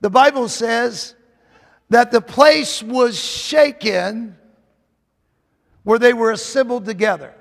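A man's voice: extremely high pitch, slow, gravelly, pauses often. A man preaching a sermon in a fervent, emphatic way, repeating phrases as he builds. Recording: long hall reverb.

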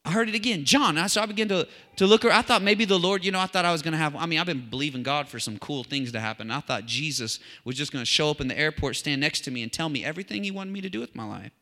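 Preacher guy, kinda high and really bright, chatty sermon w lots of asides, big echoey hall. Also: very fast, hardly any pauses. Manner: chatty and animated, with frequent asides and restarts. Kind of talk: casual conversational sermon. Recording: long hall reverb.

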